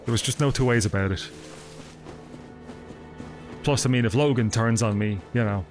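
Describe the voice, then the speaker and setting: A man's voice: medium pitch, moderate pace. A man giving live gameplay commentary in a sardonic, profane, chatty way. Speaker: streamer. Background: game music.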